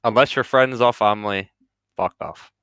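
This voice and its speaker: A man co-hosting a podcast, throwing in loud joking reactions during casual chat. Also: lowish voice, normal speed, smooth, no room sound. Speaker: podcast co-host.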